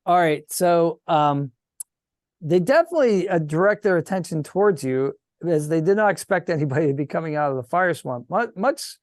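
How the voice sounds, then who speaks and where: A man's voice: fairly high pitch, animated, no echo, studio quality. A man acting as game master, narrating a tabletop game over a video call with many restarts. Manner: halting, searching for words.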